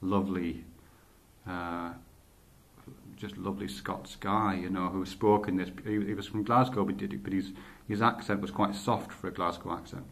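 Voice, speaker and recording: A man's voice: low voice, steady tone, normal speed, creaky, fairly bright tone. A man talking in a loose, casual monologue, often stopping to correct himself and swearing casually. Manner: rambling, stops to correct himself. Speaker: podcaster.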